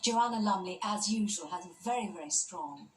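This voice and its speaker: An older woman, an actress, recalling a film shoot in an interview with lively, amused storytelling. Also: medium pitch, a little fast, slight background noise. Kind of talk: interview recollection. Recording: roomy echo. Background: music.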